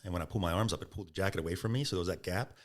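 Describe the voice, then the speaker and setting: A man with a very low voice tells a story as a podcast guest. He talks casually and acts out the lines of the people in it. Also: very fast. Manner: animated, acts out quoted speech.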